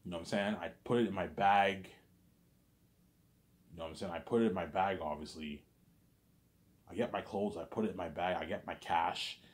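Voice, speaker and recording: A young man with a very low voice rambles through a casual story, circling back with the same filler phrases. His delivery is loose and unhurried. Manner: rambling, repeats "you know what I'm saying".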